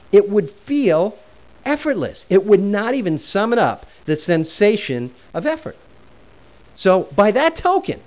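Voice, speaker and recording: A man in his forties telling a personal story in a conversational way while teaching a self-help lesson. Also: high voice. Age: 40s.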